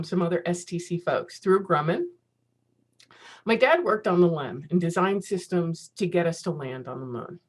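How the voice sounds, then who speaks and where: Woman, 50s, casual conference speaker on a video call; chatty, self-mocking, laughs easily. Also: lowish voice. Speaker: keynote speaker.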